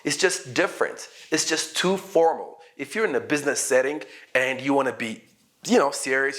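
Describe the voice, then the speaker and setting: Lively, animated male English teacher. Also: medium pitch. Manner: animated and playful, acts out sample dialogues. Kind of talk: casual online English lesson.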